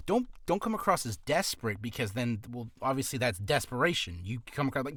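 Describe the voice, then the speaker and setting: A man's voice: mid-range voice, sing-song, brisk, hardly any pauses, a bit bright, no echo, clean studio sound. A man giving casual career advice on a vlog, rambling with restarts and coughing now and then from acid reflux.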